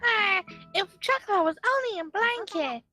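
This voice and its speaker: A woman's voice: very high voice, animated, moderate pace, bright, forceful tone, soft background music, voice pushed up, exaggerated voice. A woman voicing a cheerful young catgirl in a visual novel, with a bubbly, exaggerated cute delivery. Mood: playful.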